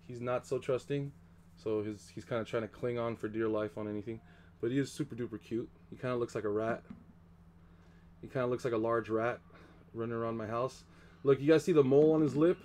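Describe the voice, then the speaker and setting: A man's voice: mid-range voice, steady tone, brisk, long pauses, darkish tone, slight background noise. A man streaming a video game, chatting casually and joking with his viewers. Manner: chatty and playful, jokes with viewers. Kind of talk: casual live-stream chat.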